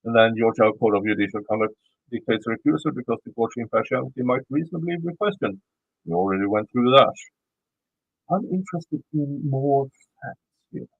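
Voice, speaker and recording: A man's voice: medium pitch, fairly quick, slightly rough, no echo, phone-quality sound. A man with a Swedish accent reading a legal motion aloud and commenting on it, often stumbling and repeating words as he reads. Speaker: YouTube commentator.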